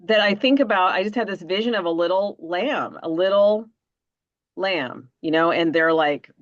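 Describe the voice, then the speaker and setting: A woman's voice: lowish voice, normal speed, dry recording. A woman hosting a podcast, close to tears, her voice dry and dull like a lo-fi recording. She talks earnestly and circles around with "you know" and "like" as she sorts out her feelings. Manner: earnest, rambling with fillers. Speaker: podcast host, mother. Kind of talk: casual conversation. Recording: dull lo-fi sound.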